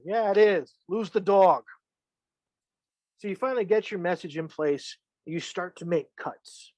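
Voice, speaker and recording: With a high-sitting, expressive voice and a slightly quick pace, a man teaches filmmaking in a relaxed monologue, joking around and performing the reactions he imagines. The recording is dry.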